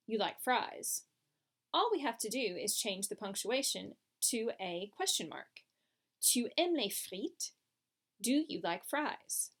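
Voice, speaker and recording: A woman teaching a French lesson, explaining patiently step by step over slides. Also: on the high side. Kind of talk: recorded classroom lesson.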